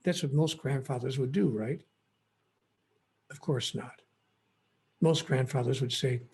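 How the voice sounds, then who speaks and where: A man's voice: on the high side, animated, slow pace, vocal fry, long pauses, dark tone, breathy edge. A man, a guest author, telling stories earnestly and emphatically in an interview, often restarting his sentences. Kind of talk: impassioned interview storytelling.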